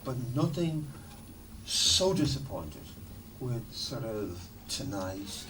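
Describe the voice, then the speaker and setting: Man, middle-aged, animated storyteller, swears and laughs, distant mic, noisy background. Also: on the low side, slow. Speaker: musician guest. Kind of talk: casual storytelling interview.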